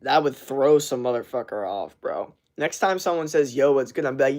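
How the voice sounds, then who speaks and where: A young male streamer with a gravelly, fry-touched voice, talking loosely and swearing as he riffs on chat messages. His pitch sits in an ordinary middle range. He keeps the tone of casual live chat throughout. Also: expressive, moderate pace, hardly any pauses, darkish tone.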